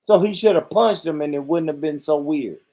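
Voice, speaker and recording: A man whose voice sits slightly high talks at a moderate pace while hosting his own vlog. It's an animated, laugh-filled comedy rant heavy on swearing.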